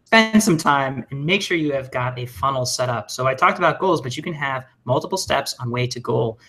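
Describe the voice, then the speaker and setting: A man giving a recorded webinar lesson, talking fast and casually with jokes and plenty of fillers. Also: mid-range voice. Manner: energetic, joking, conversational with many fillers. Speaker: webinar trainer.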